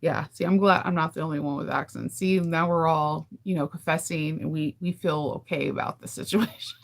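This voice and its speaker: A deep, creaky female voice holds a steady tone and a fairly quick pace. The speaker, a livestream host from California, has a candid, casual chat with her live audience, laughing often.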